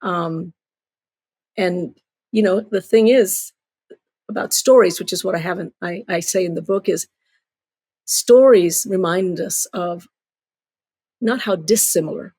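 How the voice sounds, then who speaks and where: A middle-aged woman from Cuba, an author telling stories in an interview, animated and acting out voices. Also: on the low side, unhurried, long pauses, slightly rough, no room sound. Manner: animated storyteller, acts out voices. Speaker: children's author and storyteller. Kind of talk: storytelling interview.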